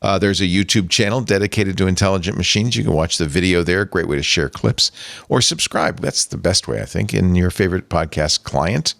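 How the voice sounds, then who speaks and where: A man's voice: low voice, a little fast, creaky, no echo. An older man hosting a tech podcast, chatting and joking, then reading the show's schedule and plugs. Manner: animated, jokey, reads show plugs. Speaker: podcast host. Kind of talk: casual chat.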